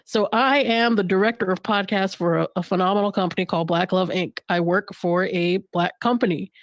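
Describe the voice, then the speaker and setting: A woman talks frankly and with humor on a casual panel, often laughing and starting her sentences over. Her voice sits at a middle pitch and is recorded dry and close. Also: fairly even intonation, brisk, dry recording. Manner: candid, joking, laughs often, restarts phrases. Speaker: podcast network director.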